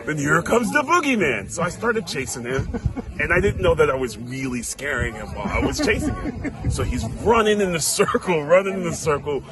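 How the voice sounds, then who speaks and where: A man's voice: on the high side, sing-song, fairly quick, a crowd in the background. A man telling a childhood story with lots of laughter, acting out the people in it. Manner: laughing, acts out quoted voices. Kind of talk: animated storytelling.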